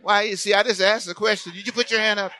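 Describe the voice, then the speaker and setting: A man's voice: sits high, fairly even intonation, quick pace, bright, forceful tone. A man preaching a sermon as pastor, playful and calling out to his congregation for responses.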